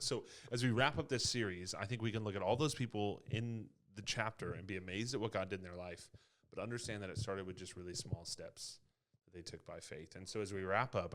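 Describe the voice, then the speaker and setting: A man with a fairly low voice leads a casual youth ministry chat. He retells a Bible story with lively acted-out quotes and an easy, conversational delivery. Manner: animated storyteller, acts out quotes.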